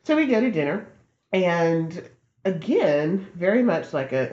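A woman on a podcast telling a dating story in a casual, lively way, acting out both sides of the conversation. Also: lowish voice, normal speed, echoey room, lo-fi sound. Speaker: podcast guest.

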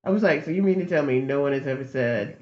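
A woman on a podcast telling a dating story in a casual, lively way, acting out both sides of the conversation. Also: very deep voice, fast talker, roomy sound, highs cut off. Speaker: podcast guest.

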